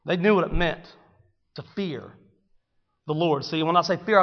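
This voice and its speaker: A man preaching a sermon, swinging dramatically between hushed storytelling and loud, fervent exclamation. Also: sits high, a little fast. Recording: dull sound with long hall reverb.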